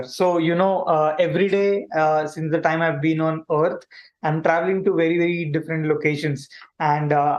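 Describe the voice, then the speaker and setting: A man playing a friendly alien who hosts a kids' livestream, animated and chatty, talking straight to viewers. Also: fairly high pitch, dull audio, lightly acted. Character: friendly male alien visitor hosting a kids' stream. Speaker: livestream host. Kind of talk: playful kids' livestream hosting.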